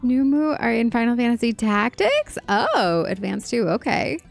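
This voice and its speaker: A woman livestreaming a game chats casually and laughs at herself in a self-deprecating way. Her voice sits fairly high with a gravelly fry, and she talks slowly. Soft music plays behind her. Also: big pitch swings. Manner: giggly, self-deprecating chatter. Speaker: streamer. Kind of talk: casual gaming livestream commentary.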